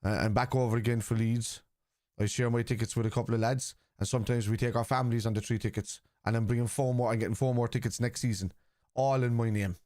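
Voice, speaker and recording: Hosting a live football watchalong, a middle-aged man reads out viewers' comments and replies in a blunt, casual, combative way. He talks fast in a steady, medium-pitched, darkish voice, and the recording is dry.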